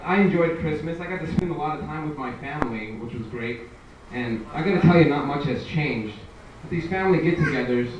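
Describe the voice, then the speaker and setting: On stage at a live comedy venue, a young man talks conversationally through his stand-up set, acting out quoted voices from his stories. His voice is a little high, with the highs cut off, recorded from far away in an echoey room with noise.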